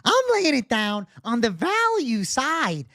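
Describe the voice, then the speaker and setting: A man putting on the voice of an overconfident older male sports-betting tout who speaks slowly and showily. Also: huge pitch swings, pushed and bright, no echo, studio quality, exaggerated voice. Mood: boastful. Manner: slow, high, showy pitchman delivery.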